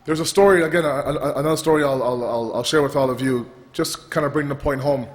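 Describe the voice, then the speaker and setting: A man giving a religious talk, telling a story with lively pacing, frequent restarts and quoted dialogue. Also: a little high, fast. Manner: animated storytelling with repeated restarts. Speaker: religious speaker. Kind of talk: sermon storytelling. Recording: reverberant hall.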